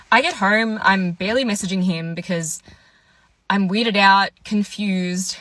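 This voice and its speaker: A woman's voice: medium pitch, a little slow, fairly bright tone, no room sound. A woman in her twenties telling a dating storytime in a chatty, candid way, full of "like". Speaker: vlogger.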